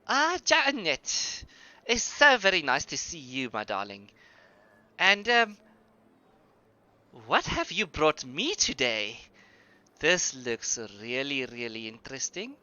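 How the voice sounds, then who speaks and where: A man's voice: a little high, huge pitch swings, slow pace, long pauses, pushed and bright, smooth, no room sound, lo-fi sound, heavily acted. A man voicing a friendly, chatty young female tavern keeper who gushes over her guests. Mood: delighted. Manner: gushing, chatty, overly welcoming.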